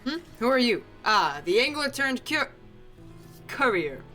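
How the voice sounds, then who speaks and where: A woman's voice: fairly high pitch, big pitch swings, unhurried, pushed and bright, soft background music, voice pushed up, heavily acted. A woman voicing a polite, inquisitive old male scientist in a fishing game. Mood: curious.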